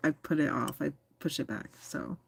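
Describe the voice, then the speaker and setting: A woman's voice: sits low, normal speed, gravelly, husky. An American woman hosting a casual livestream, reading chat messages aloud with teasing, giggly chatter. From United States. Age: adult.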